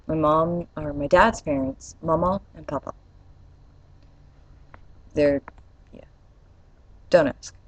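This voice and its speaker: A young woman from Atlanta with a mild local accent talks straight into her webcam. Her voice sits low and a little husky. She is frank and chatty, and swears casually. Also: darkish tone, dry recording, rough recording. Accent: Atlanta, Georgia. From Atlanta, Georgia. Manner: candid, chatty, casual cussing. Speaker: vlogger. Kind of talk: casual accent challenge vlog.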